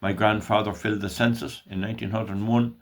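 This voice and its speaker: An older man from Ireland reciting a poem with slow, emotional, declaiming delivery. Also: on the low side, level tone. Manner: slow, emotional, declaiming with long drawn-out phrases. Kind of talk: dramatic poetry recitation.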